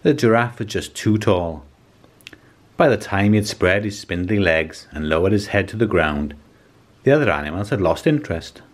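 A man reading a children's picture book aloud in a calm, measured storytelling manner. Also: fairly low pitch. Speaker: storybook reader.

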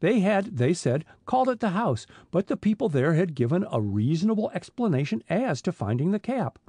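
A man narrating an adventure audiobook in a lively storytelling manner. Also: sits high, a little fast, breathy edge, no room sound. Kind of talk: scripted narration.

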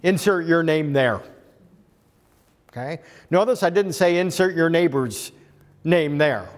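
A man's voice: a little high, lively intonation, a little slow. A man preaching a sermon as pastor, earnest and building to emphatic climaxes. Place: church sanctuary. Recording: long reverb of a church hall.

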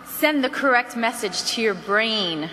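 Bright-voiced woman giving a lively training talk. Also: fairly high pitch, unhurried, big-room sound. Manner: energetic, acts out phone calls. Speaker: sales trainer. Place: meeting hall.

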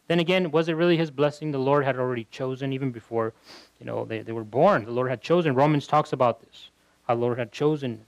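A man's voice: mid-range voice, quick pace, dry recording, low-quality recording. A male pastor teaching through a Bible passage verse by verse, talking casually and often repeating words as he thinks.

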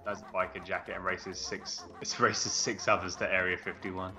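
A man's voice: low-pitched, level tone, normal speed, pushed and bright. A British man co-hosting a let's play, bantering and humming nonsense tunes while he plays. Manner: bantering, hums and sings nonsense while playing. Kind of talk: casual gaming commentary. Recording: dull lo-fi with game music.

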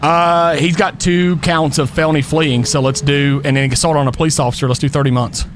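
A man streaming a police role-play game, talking in excitable slang and laughing a lot. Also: on the high side, brisk, slight background noise. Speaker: streamer playing a police officer.

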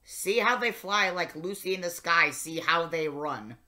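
A man's voice: on the high side, animated, a little slow, pushed and bright, full character voice. A man playing the Twelfth Doctor, a sardonic, grumpy older male alien time traveller, reading and singing lyrics in character with exasperated muttered asides.

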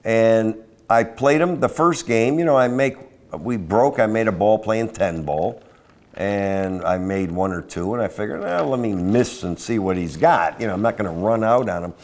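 A man's voice: on the low side, moderate pace. A man co-hosting a casual chat show, telling rambling stories full of asides. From Florida. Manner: rambling, animated storyteller with frequent asides. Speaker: podcast co-host.

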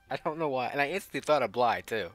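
A man's voice: mid-range voice, fairly bright tone. A young man commentating on a video game, swearing freely and laughing often. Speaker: let's play gamer.

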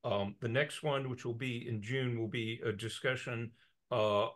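A man's voice: medium pitch, a bit bright. A man hosting a talk series over a video call, wrapping up with loose, friendly remarks and some fillers. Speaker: host. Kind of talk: closing remarks at an online talk.

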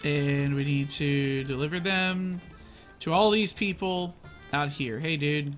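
Bright, excitable gaming host. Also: male voice, on the high side, slow, soft background music. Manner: excitable, narrates his own moves. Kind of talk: casual gameplay commentary.

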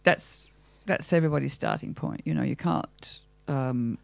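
An older Australian actress with a gravelly, crackly edge to her voice. She talks in a thoughtful, theatrical way, asking herself questions as she works through ideas. The sound is dry and close, with no room around it. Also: a bass voice, moderate pace, a little mellow, no room sound. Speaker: actress, interview guest. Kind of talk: reflective interview talk.

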